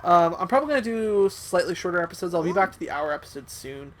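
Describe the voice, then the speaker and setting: High-voiced man in halting gaming chat. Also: animated, a bit bright, a little hiss or hum. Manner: hesitant, filler-heavy and self-deprecating. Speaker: let's play host. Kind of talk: let's play commentary. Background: game music.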